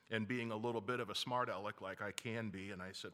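A man preaching a sermon as pastor, lively and wryly self-mocking, with humorous asides. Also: fairly low pitch, fairly quick, hardly any pauses, long reverb tail.

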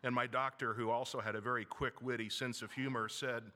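Pastor guy preaching, bright forceful voice, joking about himself, big echoey church sound. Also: mid-range voice, brisk, hardly any pauses. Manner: animated preaching with a wry, self-mocking humor. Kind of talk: sermon.

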